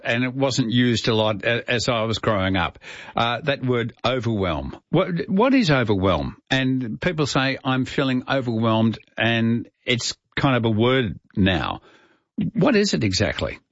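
A man's voice: mid-range voice, big pitch swings, moderate pace, dry recording, muffled recording. A male radio host in a studio, friendly and chatty as he interviews a guest.

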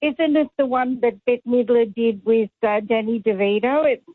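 A woman's voice: a little high, moderate pace, no room sound. A woman in her late seventies calling in to a radio show, talking emphatically and stumbling over her words. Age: 70s. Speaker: radio caller. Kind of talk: casual call-in chat. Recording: tinny phone line.

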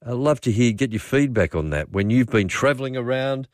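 A man with an Australian accent hosting talkback radio, chatting in a rambling, relaxed way and reading listener messages aloud. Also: medium pitch, brisk, no echo, clean studio sound. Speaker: radio host. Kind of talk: casual talkback radio chat.

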